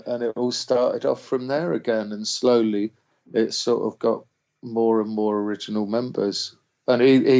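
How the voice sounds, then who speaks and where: Gravelly man rambling through stories. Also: on the low side, a little mellow. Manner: rambling, swears freely, acts out quotes. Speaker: musician guest. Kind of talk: casual storytelling. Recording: dull lo-fi sound.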